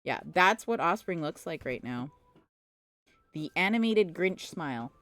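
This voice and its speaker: A woman's voice: on the low side, expressive, measured pace, a bit bright, no echo. A woman at home, chatting on a live stream with exasperated, playful storytelling and teasing. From Canada. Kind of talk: casual live-stream chat.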